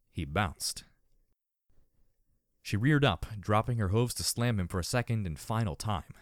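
A man narrating an audiobook in an expressive, dramatic way. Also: fairly low pitch, no echo, studio quality.

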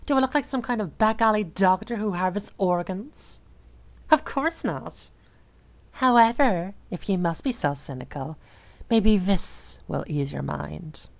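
A woman's voice: medium pitch, animated, vocal fry, no room sound. A woman playing a possessive, unstable mistress. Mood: possessive, crooning. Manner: soft, slow, murmuring, teasing delivery. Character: obsessive, possessive dominant woman captor, unstable. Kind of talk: audio role-play.

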